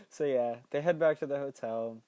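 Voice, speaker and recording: A young man with a warm, mellow voice recaps a movie in a loose, chatty way, laughing easily and jumping into excited impressions of the characters. The sound is dry and close, with no room around it. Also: mid-range voice, smooth, no echo. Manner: playful, laughs often, bursts into excited quoted voices. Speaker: podcast host recapping a film.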